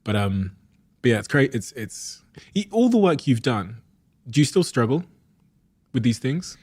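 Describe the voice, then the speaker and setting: A man's voice: mid-range voice, very animated, measured pace, darkish tone, slightly rough, dry recording. A man hosting a podcast, asking his guest questions in an encouraging, conversational way. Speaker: podcast host. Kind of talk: interview conversation.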